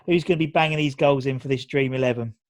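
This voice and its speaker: A man's voice: medium pitch, fast, dry recording. A man hosting a casual interview over a video call, easygoing and asking encouraging questions. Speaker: podcast host.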